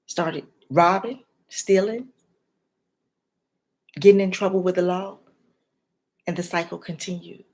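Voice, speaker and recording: A woman, a life and health coach, giving a motivational talk straight to the viewer in a preacher-like way, dropping to whispers and rising to loud emphasis. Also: fairly low pitch. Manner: addresses the viewer directly.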